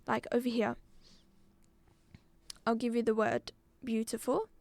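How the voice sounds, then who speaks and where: A woman teaching a live online exam-prep lesson, patient, repeating words slowly and clearly. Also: on the high side, steady tone, darkish tone, no room sound. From Algeria.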